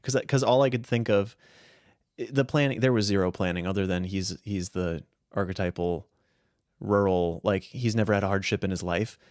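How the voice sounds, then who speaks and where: A man from northern New Hampshire chatting casually on a podcast about his roleplay characters, rambling and animated. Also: low voice, moderate pace, dry recording, studio quality. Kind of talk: casual chat.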